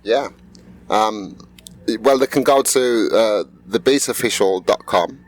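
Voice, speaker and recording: A middle-aged man, a musician being interviewed, talking in a relaxed, rambling way with many fillers. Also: on the low side, a little slow. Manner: laid-back, rambling storyteller with fillers. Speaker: musician guest. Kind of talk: casual interview.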